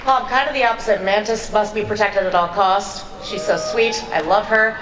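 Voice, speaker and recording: A woman's voice: mid-range voice, normal speed. A woman moderating a convention panel, upbeat as she asks questions. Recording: echoey hall recorded from far off, faint noise.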